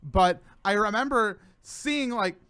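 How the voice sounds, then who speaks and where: A man hosting a casual chat show, excitable and laughing often. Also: sits high, slow pace, clean tone, dry recording. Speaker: host.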